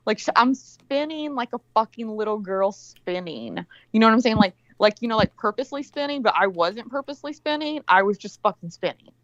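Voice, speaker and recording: A woman's voice: fairly high pitch, animated, fairly quick, few pauses, lo-fi sound. A woman in casual chat on a video call, swearing constantly as she rambles through a story.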